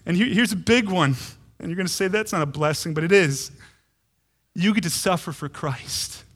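A man in his thirties, a pastor preaching a sermon with animated emphasis and frequent repeated words. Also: sits high, normal speed, slightly rough.

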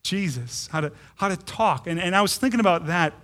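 A man in his thirties, a pastor preaching a sermon with animated emphasis and frequent repeated words. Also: high-pitched, a little fast.

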